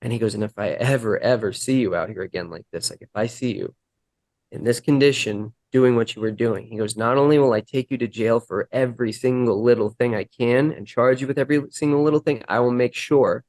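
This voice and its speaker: A man candidly recounting his recovery story in an interview, earnest and halting, acting out the dialogue he quotes. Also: medium pitch, a little mellow, no room sound.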